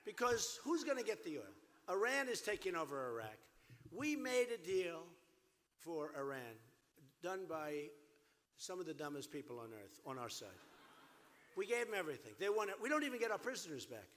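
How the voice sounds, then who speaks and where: A man with a bright, forceful voice swings widely in pitch as he works a rally crowd. He repeats his points emphatically and wanders into side remarks. His amplified voice rings with long reverb in a large venue. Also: sing-song, a little fast. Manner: emphatic, repetitive, rambling asides. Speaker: presidential candidate. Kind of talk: campaign rally speech. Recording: echoey hall with PA reverb.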